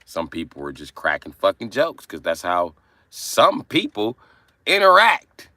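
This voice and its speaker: A man hosting a casual livestream, brash and profane as he roasts his chat, with sudden bursts of yelling. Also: low-pitched, sing-song, a little slow, no echo, studio quality. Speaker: livestream host.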